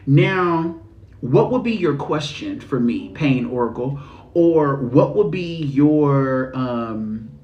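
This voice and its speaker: A man giving spiritual readings on a livestream, talking in a sassy, slangy, animated way. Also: mid-range voice, highs cut off. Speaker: spiritual reader. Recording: echoey room.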